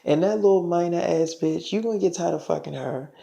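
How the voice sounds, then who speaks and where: A bitter, jealous young woman hurls crude taunts in a gravelly, fry-edged voice, pitched a touch higher than most, as a man puts her on. She curses freely and sneers through every line. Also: brisk, warm tone. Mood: spiteful. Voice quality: profane, taunting. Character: jealous foul-mouthed young woman scorned.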